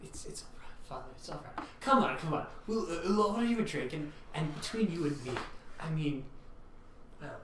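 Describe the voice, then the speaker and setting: A man's voice: fairly high pitch, animated, a little fast, voice pushed up, natural voice. A man voicing a kindly, fussy, posh British innkeeper who soothes and fusses over a guest in a tabletop game. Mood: soothing. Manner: flustered, fussing, soothing. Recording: roomy distant mic, faint noise.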